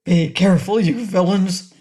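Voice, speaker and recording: A woman reading an audiobook, voicing a cross, gruff male talking goat who scolds loudly in a slow, deliberate way. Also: lowish voice, expressive. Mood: angry scolding.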